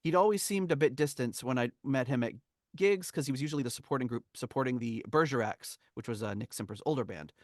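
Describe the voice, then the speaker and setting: Chuckling podcast host, dry sound. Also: male voice, mid-range voice, fast talker, no echo. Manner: rambling, chuckling storyteller. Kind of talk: casual chat, reading from a memoir.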